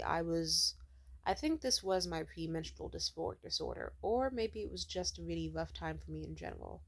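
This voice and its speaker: Young woman, low voice, rambling profane vlog rant, sitting at home. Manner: rambling, profane, many "like" fillers. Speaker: vlogger. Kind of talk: casual storytelling rant.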